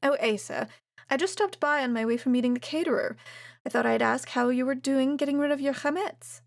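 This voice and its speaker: A woman's voice: high voice, brisk, vocal fry, no room sound, pitched above the performer's own voice. A woman putting on a fussy, nagging older mother. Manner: flustered, nagging.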